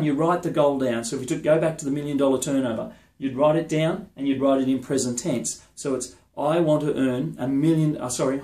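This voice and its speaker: A male business coach delivers a motivational talk at a middle pitch. He is emphatic and repetitive, with frequent check-ins to the listener. The recording carries a noticeable roomy echo. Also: dark tone.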